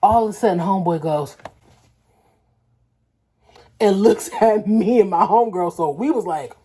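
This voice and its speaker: A young adult woman from Los Angeles, vlogging casually and telling stories in a lively, slangy way, acting out quotes. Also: medium pitch, normal speed, slightly rough. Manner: animated, slangy storytelling with acted-out quotes. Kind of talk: casual storytelling vlog.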